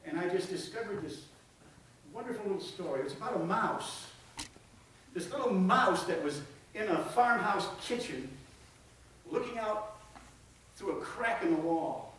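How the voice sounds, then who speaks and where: A man preaching a sermon, telling a folksy story and dropping to a hush for emphasis. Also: high-pitched, animated, a little slow, pauses often, a little hiss or hum. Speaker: pastor. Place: church sanctuary. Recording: echoey church from far off.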